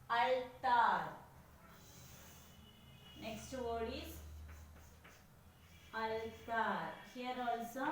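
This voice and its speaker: A woman teacher giving a lesson, slowly repeating each word as she counts syllables. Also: on the high side, fairly bright tone, distant mic. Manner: slow, repeats each word many times. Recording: echoey room, voice from afar, faint noise.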